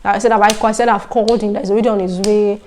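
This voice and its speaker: A young woman with a Nigerian accent telling stories to camera in a casual vlog, animated and slipping into Pidgin phrases. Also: medium pitch, racing, slight background noise. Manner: animated storytelling, mixing in Pidgin. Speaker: vlogger.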